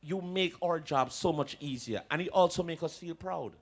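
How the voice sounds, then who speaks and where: A man's voice: a little high, moderate pace. A man hosting a radio show, joking and teasing his guests with ready laughter. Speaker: radio host. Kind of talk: casual radio banter. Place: radio studio.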